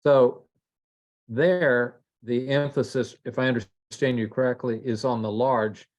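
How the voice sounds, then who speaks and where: A man's voice: medium pitch, unhurried, lo-fi sound. A man, a student in an online class, carefully asking his teacher a question over a video call.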